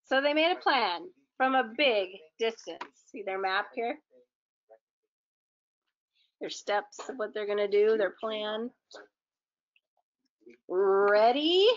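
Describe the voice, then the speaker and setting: A woman reading a children's book aloud in a gentle, expressive storytelling manner. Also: medium pitch, takes it slowly, long pauses, muffled recording.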